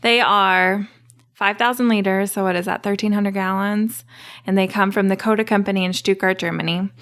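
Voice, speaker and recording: A woman guest on a podcast, explaining how her distillery works in a relaxed, chatty way and laughing easily. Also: mid-range voice, moderate pace. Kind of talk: casual podcast interview.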